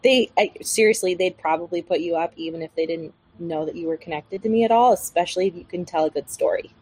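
A woman's voice: fairly low pitch, quick pace, darkish tone, husky, low-quality recording. A woman player in a tabletop game, talking in an easygoing, chatty way. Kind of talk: casual tabletop play.

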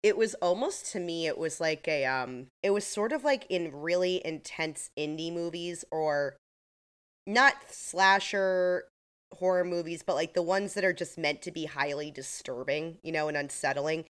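A woman's voice: low-pitched, moderate pace, smooth. A woman co-hosting a podcast, casually recapping a TV episode with lots of fillers and the odd laugh. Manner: chatty, filler-heavy retelling with laughs. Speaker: podcast co-host.

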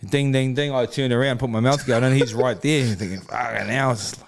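A man's voice: medium pitch, quick pace, dry recording. Swearing New Zealand man, dry close sound. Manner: laid-back, swears freely, laughs through stories. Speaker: podcast guest, former boxer. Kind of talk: casual interview storytelling.

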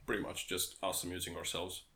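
Deep-voiced young man, deadpan co-host. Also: fairly quick. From England. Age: young adult. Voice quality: deep, warm. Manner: dry, deadpan quips. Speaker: podcast co-host. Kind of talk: casual comedic chat.

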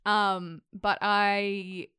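A woman who teaches acting, chatting casually and telling animated stories with frequent laughs. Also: mid-range voice, very slow, smooth, dry recording. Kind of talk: casual chat.

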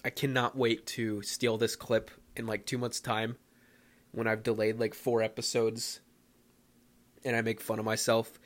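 A young man from the Philadelphia area hosting a casual solo podcast, rambling and self-mocking with excitable bursts. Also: on the low side, a little slow. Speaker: podcast host.

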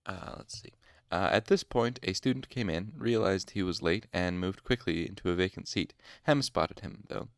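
A young man reads a novel aloud at home in a casual amateur style, stopping now and then to correct himself. His voice sits on the low side and the recording is dry and close. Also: moderate pace, few pauses, smooth, dry recording. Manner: informal, stops to make whispered asides and corrections. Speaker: amateur audiobook reader. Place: home room.

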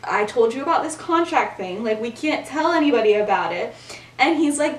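A woman's voice: a little high, normal speed, recorded from a distance. Young woman retelling a story in an echoey room. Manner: animated, acts out characters' lines, laughs often. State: has the hiccups. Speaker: podcast host retelling a fan story. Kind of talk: casual storytelling chat. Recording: echoey room, voice a bit off-mic.

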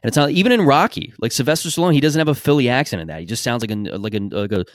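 A man's voice: mid-range voice, very fast, hardly any pauses, no room sound, clean studio sound. A man hosting a podcast in a casual, rambling, opinionated monologue, swearing freely. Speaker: podcast host.

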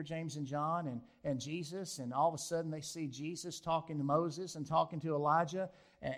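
A middle-aged man, a pastor, preaching a sermon earnestly, slowing down for emphasis and rising into loud pleas. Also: fairly high pitch.

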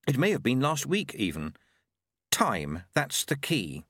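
A man's voice: medium pitch, huge pitch swings, unhurried, breathy edge, no echo, studio quality, exaggerated voice. A man voicing a blunt, stubborn old village witch and midwife with folksy, rustic speech. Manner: folksy rustic grammar, sharp and feisty.

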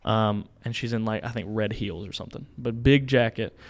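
A young man, a podcast co-host, casually telling a story in a small home studio, animated, acting out voices and laughing. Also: fairly low pitch, brisk. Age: young adult.

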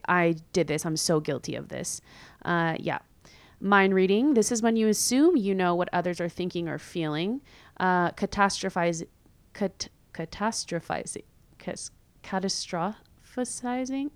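A young woman hosting a podcast, talking casually and candidly with many fillers and quick laughs. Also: on the low side, creaky, smooth, dry recording. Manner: chatty, filler-heavy, candid, laughs easily. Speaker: podcast host. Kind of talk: casual solo podcast chat.

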